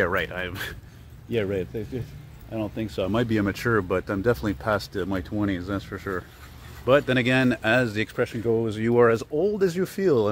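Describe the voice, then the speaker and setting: Man, chatty and digressive, talking to a handheld camera while walking outdoors, light traffic hum. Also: on the high side. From Canada. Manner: chatty, digressive, filler-heavy. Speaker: vlogger. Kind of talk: rambling walking vlog. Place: outdoor city street.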